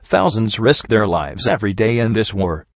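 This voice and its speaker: A man voicing a gentle, dignified female pony princess who speaks softly but firmly. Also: lowish voice, moderate pace, dry recording, lo-fi sound. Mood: earnest. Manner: soft and calm but firm.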